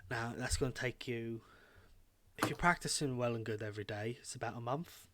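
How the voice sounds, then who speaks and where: A man's voice: mid-range voice, fairly quick, noisy background, close to an everyday voice. A man playing a blunt shopkeeper woman. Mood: warning. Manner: matter-of-fact, dry and frank.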